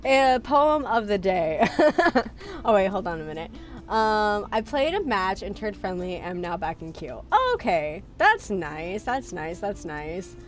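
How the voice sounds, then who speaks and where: Her medium-pitched voice has an unhurried, sing-song lilt as she streams. The young adult VTuber rambles casually, dropping plenty of fillers and self-mocking laughs over faint background music.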